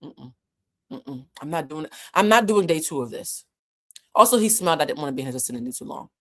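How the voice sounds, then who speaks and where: A woman's voice: deep voice, lively intonation, brisk. Blunt, profane woman telling a story. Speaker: vlogger. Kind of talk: casual storytelling.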